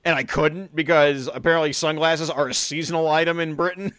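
A man with a fairly high voice chats casually on a football podcast, tripping over his words and restarting sentences as he goes. He laughs easily and keeps the banter playful. The sound is dry and close to the mic. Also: fairly even intonation, a little fast, fairly bright tone, smooth, dry recording. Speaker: podcast co-host. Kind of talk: casual chat.

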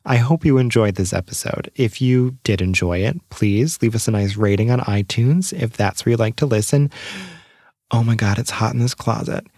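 A man's voice: mid-range voice, moderate pace, a little mellow, no echo, studio quality. A man hosting a casual solo podcast from a small closet at home, slightly out of breath, dropping wry, sarcastic asides. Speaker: podcast host.

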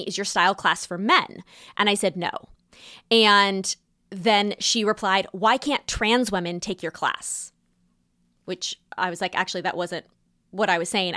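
A young adult woman hosting a podcast, talking in a chatty, animated way with quick asides. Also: medium pitch, no room sound, clean studio sound. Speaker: podcast host and style teacher. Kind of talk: casual podcast monologue.

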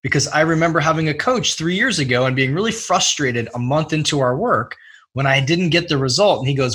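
Male podcast host, 30s, husky and bright; casual, animated storyteller who acts out quotes. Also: fairly high pitch, a little fast. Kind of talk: casual conversation.

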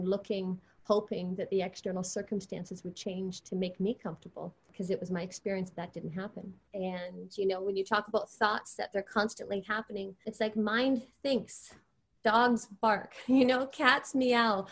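Calm reflective woman guest. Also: medium pitch, vocal fry. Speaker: podcast guest. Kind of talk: reflective spiritual conversation.

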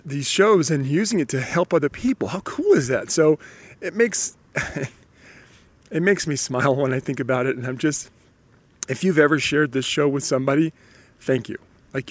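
An upbeat man hosts his own podcast, talking chattily with a slight cold in his voice. His pitch sits a little high for a man, and he often restarts his sentences. The sound is dry and close, with no room echo. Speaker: podcast host. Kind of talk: solo motivational podcast talk.

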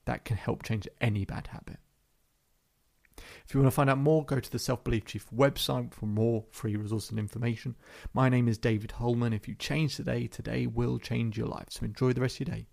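The man, a hypnotherapist, goes back over a session in a calm narrative, his phrasing slow and repetitive. He has a mid-range, gravelly voice.

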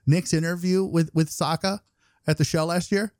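A man hosting a podcast in casual chat, animated and quick to stumble over his first words. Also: a little high, no room sound, clean studio sound. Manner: animated, repeats words when starting sentences. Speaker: podcast host.

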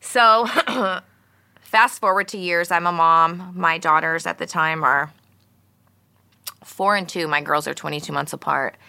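Profane, storytelling woman with a bright, low voice. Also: measured pace, gravelly, smooth, dry recording. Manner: crude, profane storytelling with loud shouted outbursts. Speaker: podcast co-host. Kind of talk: casual chat.

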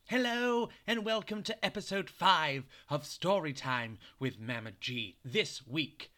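A man's voice: on the high side, lively intonation, measured pace, loud music behind the voice. A man hosting a children's storytelling podcast, chatting playfully and narrating with animation. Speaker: host and storyteller.

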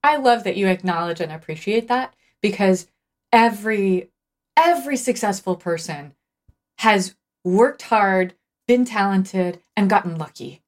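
A woman's voice: medium pitch, animated, measured pace. A woman guesting on a talk show as an author, telling stories in a thoughtful, earnest way. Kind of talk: casual conversation.

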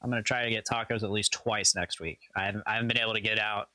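Wry man with bright dry voice. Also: on the low side, level tone, rapid-fire, no room sound, low-quality recording. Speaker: podcast co-host and sound editor. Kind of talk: casual banter.

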